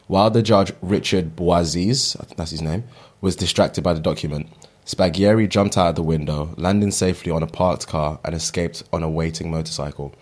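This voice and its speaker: A man's voice: sits low, fairly quick, darkish tone. A man, co-hosting a casual chat and reading out a fun fact, stumbling over names and laughing at himself. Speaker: podcast co-host.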